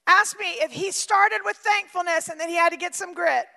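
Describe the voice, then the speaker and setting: A woman preaches with a very high, bright voice edged with gravel. She swings from shouting to near-quiet, and her words ring with the long reverb of a large hall. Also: steady tone, normal speed. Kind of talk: sermon.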